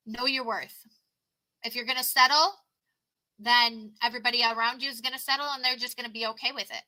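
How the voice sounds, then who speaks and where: Woman, tarot reader on a livestream; high, piercingly bright voice; earnest and rambling, laptop mic. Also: steady tone, rough recording. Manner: earnest, rambling advice with restarts and repetitions; reads card meanings slowly then talks to viewers. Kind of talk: casual livestream tarot reading.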